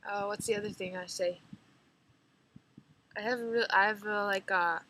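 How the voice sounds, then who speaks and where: A woman's voice: medium pitch, steady tone, normal speed, very noisy. Teen girl vlogger, slight drawl, chatty and giggly, mid-range voice. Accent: slight rural drawl. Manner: chatty, rambling, giggly, lots of "like". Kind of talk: casual chat to camera.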